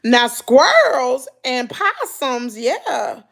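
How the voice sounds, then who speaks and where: A woman with a Mississippi Southern accent chats casually with her livestream viewers, telling stories in country slang. Her voice sits high and carries a gravelly fry. She talks in an animated way and answers comments as she reads them. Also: drawn-out words. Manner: animated storytelling, loud laughter, country slang. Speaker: livestream host.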